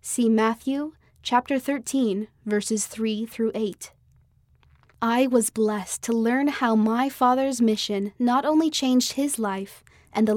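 A woman's voice: a little high, darkish tone, no echo, studio quality. Earnest woman reading a personal story. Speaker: audio magazine reader. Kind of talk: scripted first-person narration.

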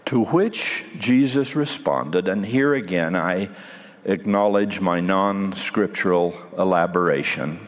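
A man giving a sermon in a measured way, with dramatic pauses, in a hall with a long echo. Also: low voice. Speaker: preacher.

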